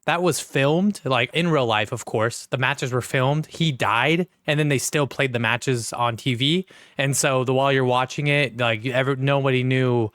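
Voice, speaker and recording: A man's voice: medium pitch, moderate pace, hardly any pauses, fairly bright tone, dry recording, studio quality. A man co-hosting a podcast, chatting casually and ranting heatedly with lots of swearing. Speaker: podcast co-host. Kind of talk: casual chat.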